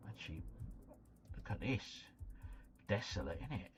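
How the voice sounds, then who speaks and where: A man's voice: fairly low pitch, expressive, normal speed. Man muttering through a live stream. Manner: thinks aloud, muttering then exclaiming. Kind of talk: live-stream commentary while playing a geography guessing game. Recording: slightly muffled, faint background music.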